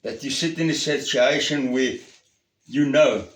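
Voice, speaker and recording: Slow, earnest preacher in a roomy hall. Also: male voice, mid-range voice. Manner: earnest, emphatic, swings from raised to hushed. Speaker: pastor. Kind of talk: sermon.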